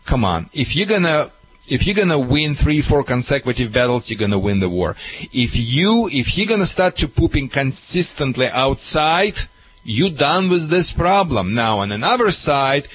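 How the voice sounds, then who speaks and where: A man working as a dog trainer who gives advice on call-in radio in broken, non-native English, lively and emphatic. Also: medium pitch, normal speed, breathy edge, no room sound, poor audio.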